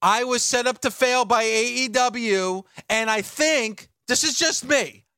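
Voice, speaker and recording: A man's voice: very high-pitched, unhurried, bright, forceful tone, smooth, dry recording. A man co-hosting a talk radio show, defensive and insistent, repeating his points in heated banter.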